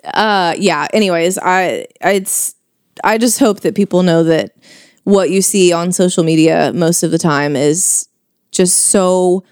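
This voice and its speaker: A woman's voice: fairly low pitch, unhurried, a little mellow, clean tone, no room sound, clean studio sound. A young woman co-hosting a podcast, chatting casually and enthusiastically agreeing with her friends. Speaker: podcast co-host. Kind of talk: casual chat.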